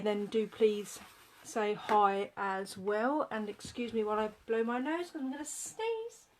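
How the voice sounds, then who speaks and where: A woman demonstrating papercraft in a live-streamed tutorial, chatting and thinking aloud as she works and greeting viewers by name. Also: on the high side.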